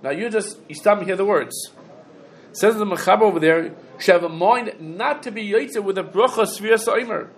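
A man's voice: sits high, fairly quick, slight background noise. A man teaching a halacha class, going through rulings step by step, quoting sources and asking questions. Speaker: Torah teacher.

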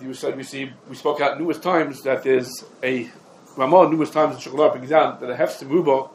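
A man's voice: a little high, low-quality recording. A man leads a halachic class, racing through his points with emphatic drive. His voice sits a touch above the usual range for a man. A faint hum of ambience stays under him. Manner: quick, emphatic, dense with Hebrew and Aramaic legal terms. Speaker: Torah class teacher. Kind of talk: rapid halachic lecture.

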